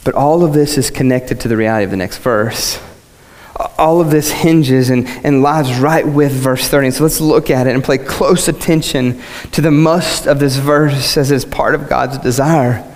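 A man preaching a sermon, asking rhetorical questions and repeating phrases as his voice swings from low to high. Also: moderate pace, darkish tone, in a large hall.

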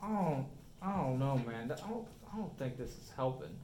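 A man's voice: mid-range voice, very animated, moderate pace, pitched below the performer's own voice. Man doing a sick, panicking poisoned man. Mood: groaning. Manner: groaning, whiny, rising to panicked shouts. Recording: echoey room with faint noise.

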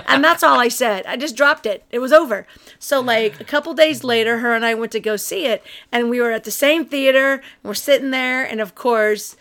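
A woman's voice: a little high, brisk, a bit bright. A woman hosting a podcast, chatting casually and telling stories with enthusiasm. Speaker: podcast host. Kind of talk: casual chat.

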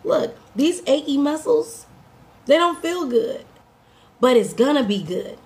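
A woman life coach giving an upbeat, direct motivational morning talk to her listeners, her voice a little hoarse. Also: high-pitched, very animated, measured pace, a little mellow. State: slightly hoarse. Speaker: life coach and podcast host.

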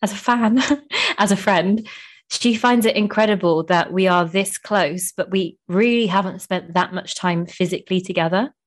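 Young female podcast host, casual and gushing, heavy filler words, mid-pitched. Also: normal speed. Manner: gushing, emotional, heavy use of "like". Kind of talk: casual chat.

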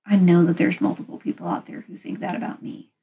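A woman's voice: on the low side, little pitch movement, quick pace, creaky, muffled recording. A woman vlogger giving casual advice, talking frankly and rambling a little. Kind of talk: casual advice talk to camera.

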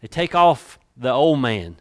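Brief: male preacher, church sermon, dramatic swings from hushed to loud, mid-pitched voice. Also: very animated. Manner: dramatic, varying loudness, drawn-out emphasis; repeats words and restarts while building a point. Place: church sanctuary. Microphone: worn mic.

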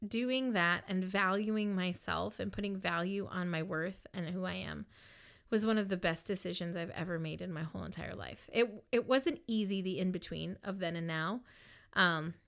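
A woman's voice: medium pitch, gravelly, fairly bright tone. A woman giving an earnest personal testimony in a casual, heartfelt way, with many fillers like "um" and "like". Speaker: Christian speaker sharing a personal testimony.

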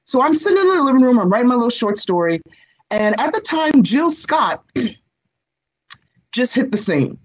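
A woman in her forties, an interview guest, telling a personal story in an expressive, animated way and speaking straight to the host. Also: a little high, a little slow, pauses often, slightly rough. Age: 40s. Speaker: guest, entertainment reporter and screenwriter. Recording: slightly dull lo-fi sound.

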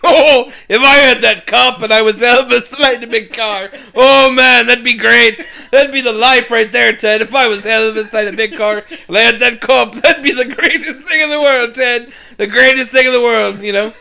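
A man's voice: very high-pitched, normal speed, creaky, few pauses, voice pushed up, full character voice. A man doing a giddy simple young priest. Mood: gushing. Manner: gushing, repeating himself excitedly.

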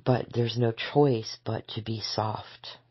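A woman and spiritual teacher giving a gentle, measured spoken reflection that sometimes sinks into soft whispers. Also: rumbling low, fairly even intonation, breathy edge, no echo, lo-fi sound. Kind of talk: slow reflective spoken essay.

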